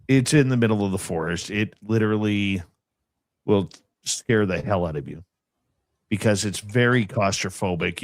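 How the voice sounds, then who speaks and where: A man hosting a radio show, telling anecdotes in a casual, animated way and relishing creepy experiences. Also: lowish voice, no echo, clean studio sound.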